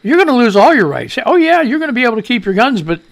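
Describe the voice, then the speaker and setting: A wheezing man with a high, gravelly voice hosts a live radio news show. His pitch swings widely as he rambles through exasperated, sarcastic commentary. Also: very animated, fast. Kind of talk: casual political commentary.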